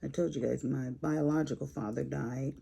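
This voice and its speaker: A woman's voice: very deep voice, steady tone, moderate pace, vocal fry, warm tone, husky. A woman chatting casually while she does a craft on camera, sassy and rambling as she tells stories. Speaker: crafting vlogger. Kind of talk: casual chat while diamond painting.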